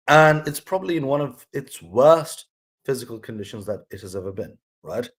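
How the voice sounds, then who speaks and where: A man's voice: mid-range voice, expressive, normal speed. A man hosting his own vlog, talking through a life lesson in a casual, rambling, earnest way with frequent restarts. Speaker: vlog host sharing his mother's lessons. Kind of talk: casual reflective monologue.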